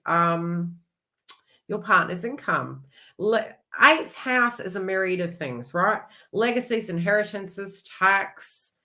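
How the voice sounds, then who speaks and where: A woman giving a chatty, rambling astrology reading with animated asides. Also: on the low side. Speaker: astrology reader. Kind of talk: casual astrology forecast.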